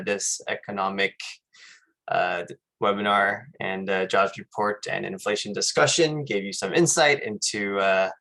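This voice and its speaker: A man hosting a webinar over a video call, talking casually and haltingly with many fillers. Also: fairly low pitch, creaky, fairly bright tone. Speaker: webinar host.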